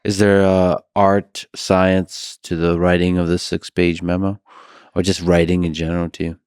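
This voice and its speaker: A podcast host with a very deep voice, asking questions in a calm, soft-spoken manner. His voice is recorded dry and close. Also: moderate pace, smooth, no room sound. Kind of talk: interview questions.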